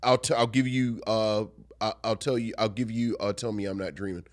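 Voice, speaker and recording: A man's voice: lowish voice, steady tone, a little fast. A man co-hosting a live video podcast in casual chat, playful and stubborn when he argues, often restarting his sentences. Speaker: podcast co-host.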